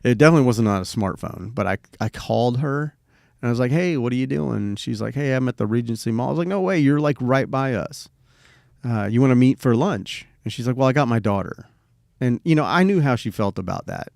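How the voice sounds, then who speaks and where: A man's voice: medium pitch, expressive, a little fast, gravelly, darkish tone, dry recording, clean studio sound. A middle-aged man co-hosting a podcast, telling a personal story in a laid-back, rambling way and swearing freely. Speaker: podcast co-host. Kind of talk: casual storytelling chat.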